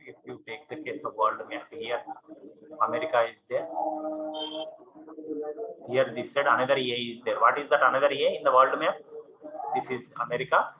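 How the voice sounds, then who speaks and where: A man's voice: medium pitch, fairly even intonation, moderate pace, long pauses, a crowd in the background. A man with an Indian English accent lecturing a classroom on commerce, repeating points and checking in with "okay" and "see". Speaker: commerce teacher. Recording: muffled classroom recording with students.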